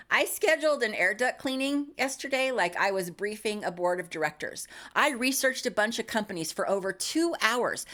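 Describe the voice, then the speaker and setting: A woman in her fifties delivers a scripted comedic monologue in a middle-pitched voice. She is wry and self-mocking, landing dry punchlines about her own habits. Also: fairly bright tone. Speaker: YouTube creator.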